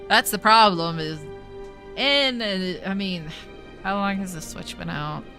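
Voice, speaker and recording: Woman streamer, casual chatter to viewers, crisp bright tone, faint music under her. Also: medium pitch. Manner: chatty, swears casually, thinks aloud.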